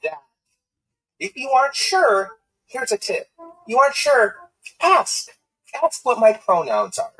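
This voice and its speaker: A woman venting in an exasperated, drawn-out way in a played clip. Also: fairly high pitch, sing-song, a bit bright, breathy edge, poor audio.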